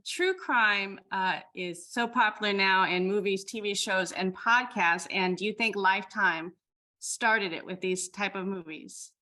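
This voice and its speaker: A woman's voice: medium pitch, bright, forceful tone. A woman journalist asking a panel a question in a friendly, slightly nervous way. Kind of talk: press question.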